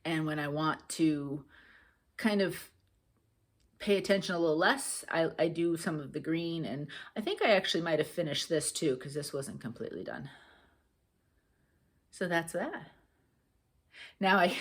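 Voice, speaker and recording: A woman's voice: fairly low pitch, breathy edge. A woman casually chatting to camera in a rambling, grateful way, often laughing. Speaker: cross stitch vlogger.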